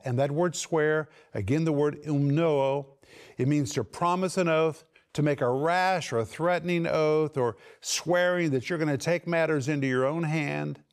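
Emphatic man teaching scripture. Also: on the high side. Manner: emphatic, slows and rises for quoted scripture and key words; explains Greek word meanings step by step. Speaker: Bible teacher. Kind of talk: expository Bible teaching.

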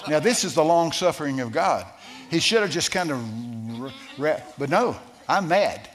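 A man preaching a sermon, telling a story with lively shifts and asking the congregation questions. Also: on the high side, normal speed. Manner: storytelling, animated, asks the crowd questions. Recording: long hall reverb.

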